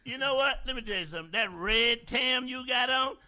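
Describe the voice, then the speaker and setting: A man's voice: very high-pitched, expressive, brisk, bright, forceful tone, faint music behind. A man on a radio show crew, mock-scolding emphatically.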